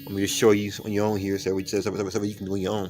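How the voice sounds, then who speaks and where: A man chatting casually as a street interviewer, coaxing and reassuring, counting out loud as he works. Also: fairly low pitch, completely flat delivery, very fast, a little hiss or hum. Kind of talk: casual chat. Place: outdoors in public.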